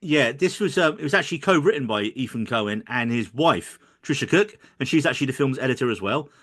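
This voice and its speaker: A man's voice: mid-range voice, lively intonation, brisk, a bit bright. A man co-hosting a podcast, chatting casually about films in a jokey way and tripping over names. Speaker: podcast co-host. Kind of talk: casual film review chat.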